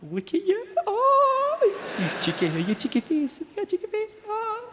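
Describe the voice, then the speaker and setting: Comic putting on a doting relative cooing at a baby: squeaky sing-song, echoey theatre, loud noise. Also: male voice, wildly swooping pitch, moderate pace, full character voice. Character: gushing adult cooing baby talk at an infant.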